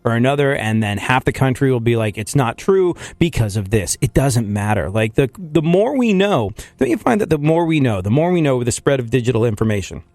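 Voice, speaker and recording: A man's voice: medium pitch, fairly quick, few pauses, no room sound. Rambling talk-show host man, dry mic. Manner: rambling, animated, riffing with restarts. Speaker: podcast host. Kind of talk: casual comedic talk-show chat.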